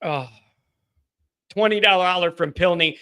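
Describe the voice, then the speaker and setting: A man with a high, bright voice hosts a postgame livestream, reading viewer messages aloud. He sounds overcome with emotion, breathless and rambling. He stumbles and loses his place as he talks. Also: normal speed. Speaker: livestream host.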